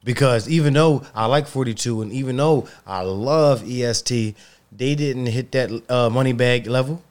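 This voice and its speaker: A man's voice: mid-range voice, moderate pace, darkish tone, smooth. A man co-hosting a podcast, making his point in an insistent, argumentative way. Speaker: podcast co-host. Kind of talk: casual podcast debate.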